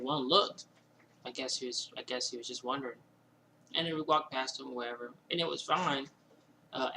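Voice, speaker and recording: A man telling a personal story casually indoors at home, rambling and animated, with lots of fillers and quoted asides. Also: medium pitch, slight background noise, low-quality recording.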